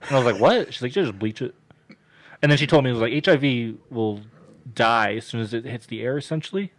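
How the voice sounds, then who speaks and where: A young man tells a story on a podcast in loose, casual chat. He swears constantly and jumps into loud, animated voices for the people in his tale. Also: mid-range voice, fast. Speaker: podcast co-host telling a story.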